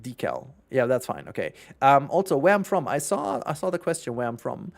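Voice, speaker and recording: Rambling German streamer chatting while playing. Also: male voice, mid-range voice, big pitch swings, brisk. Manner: rambling, chatty, self-correcting, laughs often. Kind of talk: casual livestream gaming chat.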